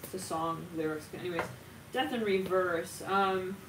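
A woman giving a casual tarot reading, animated, laughing often and swearing. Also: on the low side, a little slow. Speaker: tarot reader. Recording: roomy, distant from mic, faint ambient noise.

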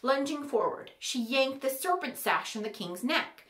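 A woman narrating a fantasy story in an animated, wry manner. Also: high-pitched, normal speed, roomy sound.

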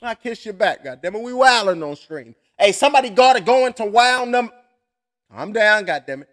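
A young man calls punches blow by blow and drifts into profane, joking stories. His voice sits high for a man. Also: expressive, moderate pace, a bit bright. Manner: rambling, profane, joking asides. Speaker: fight commentator. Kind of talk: live blow-by-blow stream commentary.

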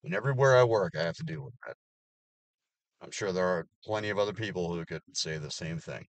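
A man in his thirties rants in a low, deep voice. He swears freely and breaks into sarcastic laughs. The sound is close and dry. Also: expressive, a little fast, no room sound. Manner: profane, ranting, sarcastic laughs. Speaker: vlogger. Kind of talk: casual rant to camera.

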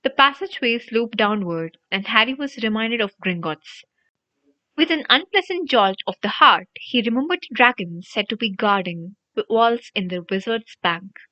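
A woman reading a storybook audiobook aloud in an animated, expressive narration. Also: fairly high pitch, moderate pace. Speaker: audiobook reader. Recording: dry, dull lo-fi audio.

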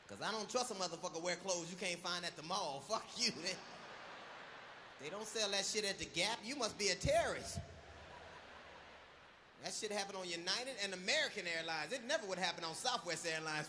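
A male comedian doing a loud, profane, punchy live stand-up routine. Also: high voice, a little fast, slight background noise.

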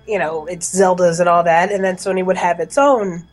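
A woman's voice: fairly low pitch, fairly even intonation, fairly quick, faint music behind. A woman on a casual podcast panel, talking in a chatty way with plenty of fillers.

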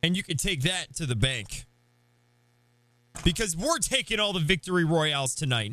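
A young man hosting a live game stream, hyped and playful, shouting greetings to his chat. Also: fairly high pitch, lively intonation, moderate pace, no room sound.

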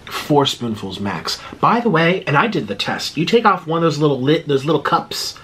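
A man's voice: a little high, sing-song, normal speed, a bit bright, a little hiss or hum. A man in his thirties talking casually and breathlessly to camera, chatty and digressive with lots of fillers. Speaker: mukbang vlogger. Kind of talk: casual rambling monologue.

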